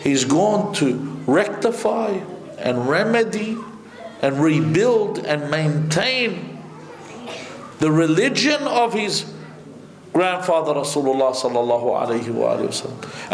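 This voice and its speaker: A man's voice: a little high, big pitch swings, measured pace. A man, a sheikh, preaching a sermon at a majlis with impassioned rhetorical questions that climb to emphatic peaks. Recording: echoey hall.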